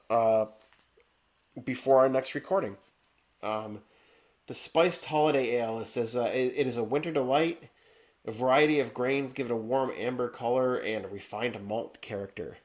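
Stuffy-nosed man reviewing beer. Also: medium pitch. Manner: rambling, many fillers and restarts. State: stuffy, congested nose. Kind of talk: casual chat. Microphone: video call.

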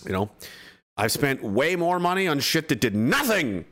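A man's voice: on the high side, big pitch swings, moderate pace, a bit bright. A man hosting a livestream, reading out chat and rambling casually, swearing and full of fillers and restarts.

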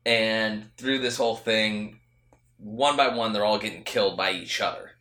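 A man's voice: on the low side, moderate pace, sharp tone, reverberant. A man co-hosting a podcast, chatting casually and rambling through movie scenes with restarts and swearing. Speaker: podcast co-host. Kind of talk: casual chat.

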